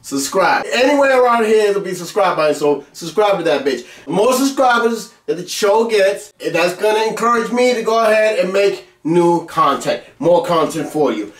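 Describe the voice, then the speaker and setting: Male vlog host, brash and boastful, swears constantly, high voice, echoey room, distant mic. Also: animated, moderate pace, hardly any pauses. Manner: brash, boastful, heavy cursing, mock-angry outbursts. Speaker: web series host. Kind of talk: profane comic rant to camera.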